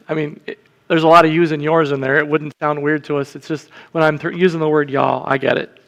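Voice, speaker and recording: A man's voice: fairly high pitch, steady tone, fast, a bit bright. Man preaching in an echoing church. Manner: conversational, checks in with the congregation. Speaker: deacon preaching. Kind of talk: sermon teaching. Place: church sanctuary. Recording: long church reverb.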